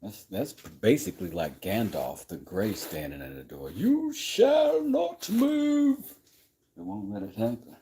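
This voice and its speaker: A man's voice: low-pitched, expressive, normal speed, mellow, slight background noise. A man hosting a vlog, chatting casually to himself with joking asides while working on a desk in a workshop. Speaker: vlog host. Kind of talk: casual running commentary while woodworking.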